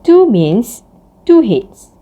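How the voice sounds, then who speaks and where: Slow, lively woman lecturer. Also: phone-quality sound. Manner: slow, lively pitch, explains step by step. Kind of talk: recorded math lecture.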